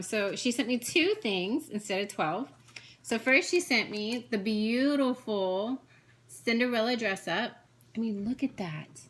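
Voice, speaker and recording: A woman chatting quickly and excitedly as she shows her cross-stitch projects, jumping from one topic to the next. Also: a little high, a little hiss or hum. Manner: fast, chatty, jumps between topics; excitable, gushing. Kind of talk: casual chat showing craft projects.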